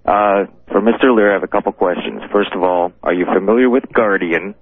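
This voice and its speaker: A nervous man calling in to a radio show, hesitant and halting as he asks his questions. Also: on the low side, no echo. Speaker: caller. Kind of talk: call-in radio. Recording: tinny phone line.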